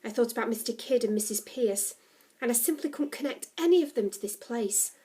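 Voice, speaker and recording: A woman reading a novel aloud, narrating the story in a steady, expressive way. Her voice sits a little on the high side. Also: brisk. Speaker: story reader.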